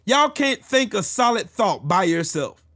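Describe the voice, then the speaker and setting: A combative man ranting straight to his audience, cursing freely and mocking his critics. His voice sits a little high for a man and swings widely in pitch as he hammers each point. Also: sing-song, a little slow, fairly bright tone. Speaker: channel host. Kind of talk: ranting commentary.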